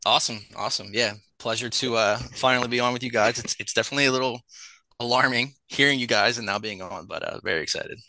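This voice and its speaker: A man's voice: medium pitch, fast, sharp tone, no echo, rough recording. A man joining a podcast as a guest, chatting casually and eagerly.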